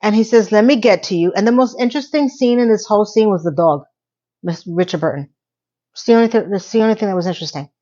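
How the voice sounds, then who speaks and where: A woman's voice: mid-range voice, fast, warm tone. A woman in a casual TV recap vlog, rambling in a sarcastic, playfully exasperated way. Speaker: TV recap YouTuber. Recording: slightly dull lo-fi audio.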